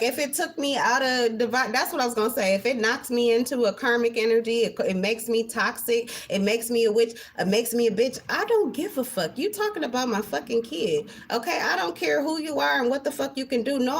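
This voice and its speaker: A woman's voice: on the high side, slightly rough. Emphatic, foul-mouthed woman card reader. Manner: emphatic and heavily profane, swinging between intense and laughing. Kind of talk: casual spiritual monologue to camera.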